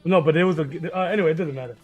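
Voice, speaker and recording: Rambling, laughing sports-betting host. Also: male voice, a little high, very fast, darkish tone, muffled recording, soft background music. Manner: rambling, laughing, profane, repeats himself. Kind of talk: casual sports betting chat.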